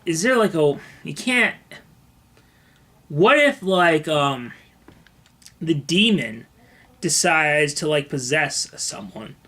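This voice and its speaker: A man's voice: fairly high pitch, expressive, slow pace, pauses often, sharp tone. A young man co-hosting a comedy advice podcast, making dry, teasing jokes and laughing often. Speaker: podcast co-host. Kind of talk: casual comedic chat.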